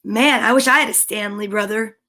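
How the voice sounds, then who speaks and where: A woman's voice: mid-range voice, fairly quick, bright, forceful tone. A woman hosting storytime, reading a picture book aloud with playful, chatty asides. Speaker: storytime host.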